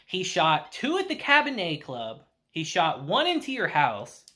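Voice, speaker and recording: Male anime reviewer, casual and animated, with a lively pitch. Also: unhurried. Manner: animated storytelling with acted-out quotes. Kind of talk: casual episode recap.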